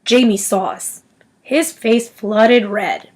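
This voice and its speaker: A woman reading a novel aloud in an expressive storytelling manner. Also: fairly high pitch, takes it slowly, slightly rough, rough recording. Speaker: audiobook reader.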